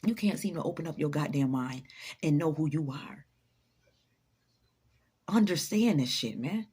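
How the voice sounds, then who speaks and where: A woman's voice: sits low, animated, unhurried, warm tone, husky. A woman giving an emphatic, profanity-laced motivational talk, repeating her points for emphasis. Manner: emphatic, preachy, swears freely; repeats lines for emphasis, laughs often. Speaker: motivational vlogger.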